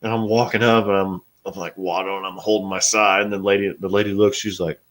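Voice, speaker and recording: A middle-aged man with a very deep voice talks casually to his live audience. He is blunt and plain-spoken, and he swears freely as he chats. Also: level tone, fairly quick, fairly bright tone. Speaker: host. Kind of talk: casual live-stream chat.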